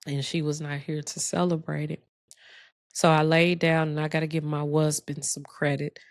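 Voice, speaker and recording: A woman, telling a heartfelt personal story slowly and reflectively, with pauses and restarts. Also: deep voice, level tone, no echo, clean studio sound. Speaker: host sharing a personal story.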